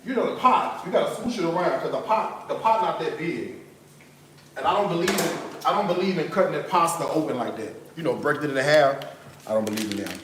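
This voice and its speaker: A man with a fairly high voice that swings up and down as he tells stories to viewers during a cooking live stream. His kitchen sounds roomy and echoey, with a faint hiss underneath. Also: fairly quick. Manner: animated storyteller, addresses viewers directly. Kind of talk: casual chat while cooking. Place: home kitchen.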